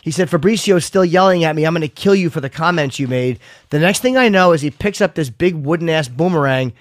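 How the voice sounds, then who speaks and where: A podcast co-host with a slightly high voice talks at a quick pace on a casual chat show. He retells a story heatedly, quoting others and swearing plenty.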